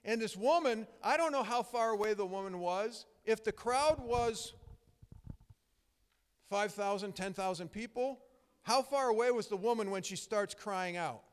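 Long hall reverb surrounds a middle-aged pastor whose high-pitched voice is clear and resonant as he preaches unhurriedly. He tells stories in a conversational, emphatic way, often restarting his sentences.

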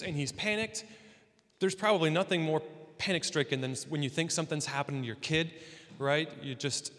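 A man with a somewhat high voice preaches to his congregation in a loose, animated, chatty way, dropping joking asides between points. His words ring out with a long reverb like a big church hall. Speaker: pastor. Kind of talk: sermon.

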